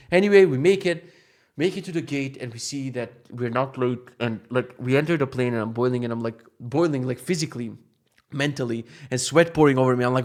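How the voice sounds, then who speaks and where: A young man telling a travel mishap story in a casual rant, exasperated and swearing, with animated bursts of frustration. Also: on the high side, quick pace. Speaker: vlogger.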